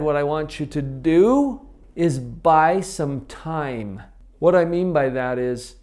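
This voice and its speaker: Emphatic man coaching parents, slightly high voice. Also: darkish tone. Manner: emphatic, slows down to stress key phrases. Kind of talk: instructional talk to camera.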